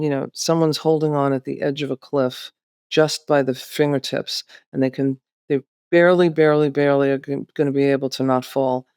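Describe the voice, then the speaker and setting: A woman co-hosting a podcast, explaining things in a calm, reflective, therapeutic way. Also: low voice, vocal fry, no echo, studio quality. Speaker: podcast co-host.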